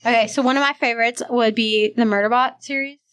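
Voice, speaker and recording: A woman hosts a casual library book podcast with a fairly high voice. She talks with real enthusiasm and laughs easily as she recommends favorites. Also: fairly even intonation, fast talker, a bit bright, clear, resonant tone. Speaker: podcast host.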